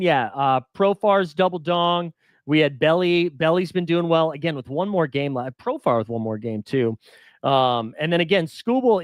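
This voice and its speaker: Chatty, slightly high-voiced male host. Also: no echo, studio quality. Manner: rambling, self-deprecating, chuckles while talking. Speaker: fantasy baseball show host. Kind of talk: casual live-stream chat.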